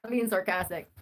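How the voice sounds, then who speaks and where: A woman livestreaming true-crime commentary, rambling and sarcastic as she reads the news aloud. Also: mid-range voice. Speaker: live streamer.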